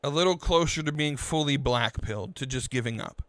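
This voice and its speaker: A man hosting a podcast, venting in a frustrated, halting political rant full of restarts. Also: medium pitch, fairly bright tone, no echo. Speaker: podcast host.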